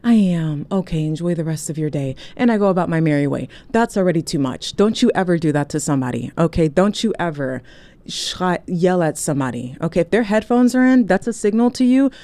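A woman telling a casual story to her phone, chatty and animated, often checking in with "okay?". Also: fairly low pitch, a little fast. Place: indoors, recording on a phone.

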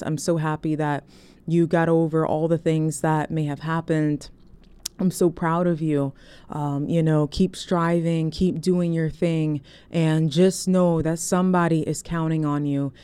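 A woman hosting a show, giving a casual motivational talk that rambles into digressions and shout-outs before coming back to encouragement. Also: low voice, level tone, measured pace, clear, resonant tone. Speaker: show host.

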